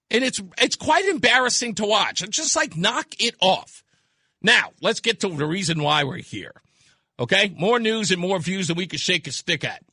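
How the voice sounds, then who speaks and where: Male talk radio host, mocking and scornful, bright and animated, dry studio mic. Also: very high voice, normal speed, dry recording. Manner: mocking, scornful, laughs at callers.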